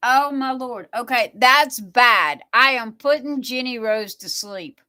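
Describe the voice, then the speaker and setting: A middle-aged woman chats with her livestream viewers at an unhurried pace. Her voice sits a little high, and she rambles from thought to thought, answering comments and peppering everything with "you know". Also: bright, forceful tone. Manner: rambling, chatty, reads viewer comments aloud; repeats "you know" a lot. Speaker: livestream host. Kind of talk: casual chat with live viewers.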